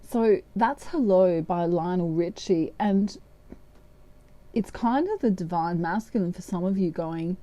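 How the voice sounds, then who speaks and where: A woman's voice: fairly low pitch, measured pace, dark tone. An Australian woman giving a casual, meandering tarot reading. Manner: chatty, meandering, breaks into humming. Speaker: tarot reader.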